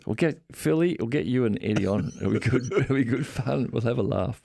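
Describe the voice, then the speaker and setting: A man hosting a casual podcast chat, joking and throwing in quick remarks. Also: medium pitch, animated, vocal fry, dark tone, no echo, studio quality. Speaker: podcast host.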